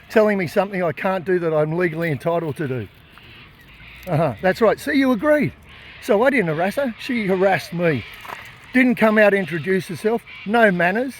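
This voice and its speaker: Australian male activist, high voice, defiant and indignant, phone-filmed, faint noise behind. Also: expressive, normal speed. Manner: defiant, indignant, raises his voice to make points. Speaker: animal rights activist. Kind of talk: impassioned filmed monologue and confrontation. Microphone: phone camera held by speaker.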